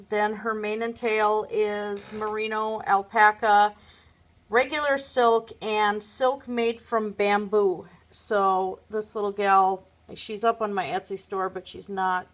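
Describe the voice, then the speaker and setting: A woman's voice: mid-range voice, steady tone, takes it slowly, fairly bright tone. Chatty woman on a phone video. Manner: chatty, rambling, many fillers. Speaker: vlogger showing her felt crafts. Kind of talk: casual show-and-tell chat. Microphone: phone camera.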